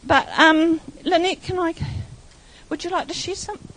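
An older woman pastor with a high, light voice. She tells church stories in a rambling, heartfelt way, with many restarts. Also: fairly even intonation, moderate pace, a bit bright, slight background noise. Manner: rambling, emotional storytelling. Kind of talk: church testimony.

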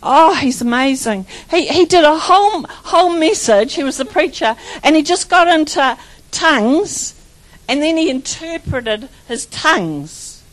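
Woman preacher, high voice, charismatic sermon, rambling and fervent. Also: expressive, a little slow, low-quality recording. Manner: fervent, repeats phrases, breaks into laughter; rambling with restarts and stumbles.

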